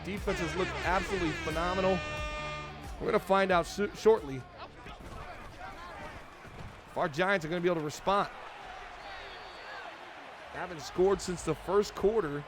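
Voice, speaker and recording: Speaking at a normal speed with long pauses, a high-pitched man streams his football franchise mode and chats about each play like a fan of his team. Video game music and sounds play behind his voice.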